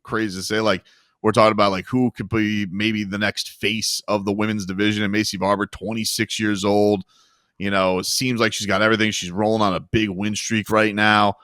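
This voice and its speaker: A man's voice: lowish voice, flat delivery, normal speed, fairly bright tone, clear, resonant tone, no room sound, studio quality. A man co-hosting a sports podcast, talking loosely with lots of fillers and restarts. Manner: rambling, many restarts and fillers. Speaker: MMA podcast co-host. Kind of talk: casual sports talk.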